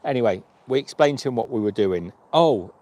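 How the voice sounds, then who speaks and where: A man in mid-range pitch chats on a livestream, spinning anecdotes and acting out what others said. He talks like a hiker sharing his day on the trail. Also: animated, brisk, a little mellow. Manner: chatty anecdotes acting out quoted dialogue. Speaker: vlogger and long-distance hiker. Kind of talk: livestream storytelling chat.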